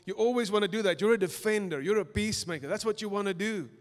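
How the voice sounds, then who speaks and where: A young South African man preaching a sermon, telling his own story in an animated way that swings between loud and soft. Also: high-pitched, fast talker. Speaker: pastor. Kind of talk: sermon with personal testimony. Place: church auditorium. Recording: reverberant church hall.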